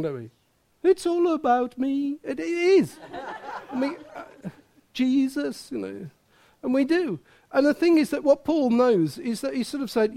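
A man gives a conversational sermon in a strikingly high voice. He keeps asking the congregation questions and pokes fun at himself as he goes. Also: a little mellow. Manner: chatty, self-mocking, asks the room questions. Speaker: preacher.

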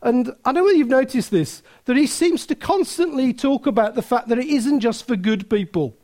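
A man's voice: very high voice, brisk, a little mellow. A man preaching a sermon, emphatic, full of rhetorical questions and restarts.

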